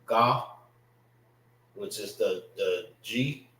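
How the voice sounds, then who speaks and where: A man's voice: on the low side, very slow, sharp tone. A man teaching a language class, drilling pronunciation syllable by syllable in a loose, conversational way. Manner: loose, conversational phrasing with frequent "know what I mean". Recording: roomy echo.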